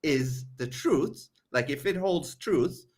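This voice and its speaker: A man's voice: on the high side, expressive, takes it slowly. A man hosting a casual podcast interview, agreeing often and adding short remarks. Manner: eager backchannels, agreeable. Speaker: podcast host.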